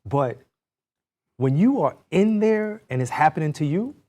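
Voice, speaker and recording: A man co-hosting a discussion, cutting in with animated comments. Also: fairly high pitch, measured pace.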